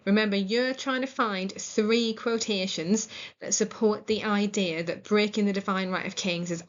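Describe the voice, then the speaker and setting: English teacher lady explaining a play, clear and encouraging, a bit muffled. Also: medium pitch. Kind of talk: recorded video lesson.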